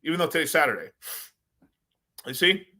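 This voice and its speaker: A man's voice: fairly high pitch, big pitch swings, brisk, pushed and bright. A man hosting his own crypto video, rambling in a loose, profane rant with lots of swearing and laughter. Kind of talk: casual profane rant to camera.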